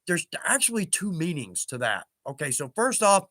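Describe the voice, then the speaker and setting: A man's voice: fairly high pitch, very animated, normal speed, pushed and bright, dry recording. A middle-aged man hosting a casual livestream, chatty and folksy, laughing often. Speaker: livestream host.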